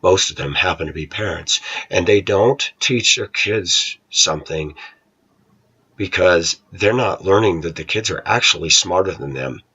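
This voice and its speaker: Husky-voiced man ranting scornfully. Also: measured pace, bright, forceful tone, highs cut off. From United States. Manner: opinionated, scornful, mocks voices in falsetto. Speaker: vlogger. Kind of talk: casual ranting monologue.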